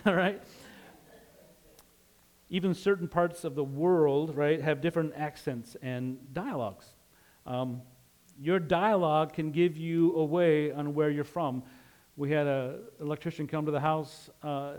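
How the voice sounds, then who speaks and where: Male preacher from Utah, light Western drawl, higher-pitched, relaxed conversational sermon delivery. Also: a little slow, pauses often. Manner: conversational, asks "right?" often, laughs easily.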